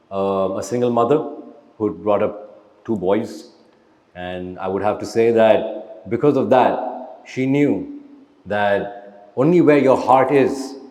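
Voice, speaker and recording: Blunt low-voiced actor in an echoey hall. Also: male voice, a little mellow. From India. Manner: blunt motivational, repeats "right?". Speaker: actor interviewee. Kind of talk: live audience Q&A. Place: live event hall. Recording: echoey hall, long reverb.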